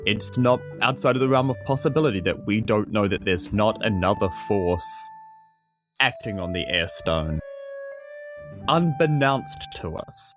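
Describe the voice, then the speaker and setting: A man's voice: on the low side, lively intonation, measured pace, over music. A man with a New Zealand accent playing a tabletop game, joking and playful at the table. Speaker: player.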